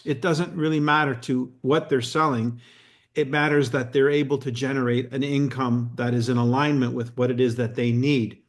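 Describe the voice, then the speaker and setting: A middle-aged man from Canada co-hosting a network marketing call, telling a story with emphasis and acting out the quotes. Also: mid-range voice. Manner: animated, emphatic, acts out quotes.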